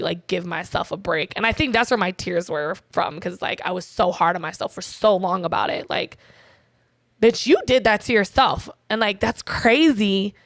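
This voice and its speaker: Blunt young woman with a gravelly voice. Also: lowish voice, fairly bright tone, no echo, clean studio sound. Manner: blunt, profane, quotes herself and others. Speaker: guest. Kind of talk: candid personal storytelling.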